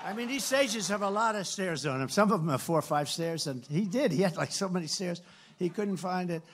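An older man giving a campaign rally speech from a stage microphone, rambling and repetitive, sarcastic, and swinging between loud and soft. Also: sits high, animated, brisk, a faint crowd, a little hiss or hum. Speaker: political candidate. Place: rally stage before a crowd.

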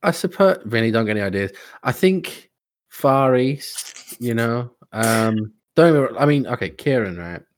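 A man's voice: mid-range voice, animated, normal speed, a little hiss or hum. A young man in casual podcast chat, laid-back and offhand, swearing now and then. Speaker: podcast co-host.

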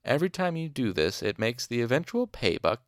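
A man's voice: medium pitch, sing-song, a little fast, dry recording, studio quality, voice pushed up. A man reading an audiobook, voicing a wry, matter-of-fact young male student. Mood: dry.

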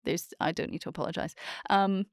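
A young woman speaks in a soft Scottish accent, chatting in a loose, rambling way. She is candid and self-deprecating, and she swears freely. Her voice sits at a middle pitch and sounds dry and close. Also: fairly even intonation, brisk, no echo. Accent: soft Scottish, Edinburgh-like. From born in Australia, raised between Scotland and Australia. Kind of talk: casual chat.

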